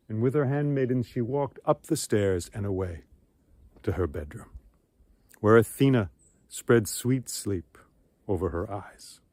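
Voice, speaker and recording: A man's voice: mid-range voice, a little mellow, dry recording. A man telling an ancient myth outdoors, with dramatic shifts in pace and volume. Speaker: storyteller. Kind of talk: oral storytelling of myth. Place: outdoors among ruins.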